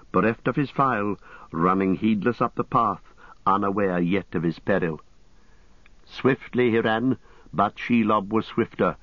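A man reading an audiobook in a measured, grave and deliberate storytelling manner, in a dull lo-fi recording. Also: deep voice, dry recording. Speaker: audiobook narrator. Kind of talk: scripted dramatic narration.

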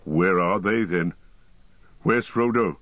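A man's voice: sits low, slow pace, dry recording, narrow, tinny audio. A man voicing a blunt, practical male dwarf warrior, speaking in an urgent, plain way. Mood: alarmed.

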